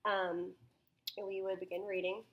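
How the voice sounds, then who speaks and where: A woman's voice: mid-range voice, level tone, normal speed, muffled recording. A young woman talking through a phonics lesson plan as a student teacher, thinking aloud with many ums and restarts.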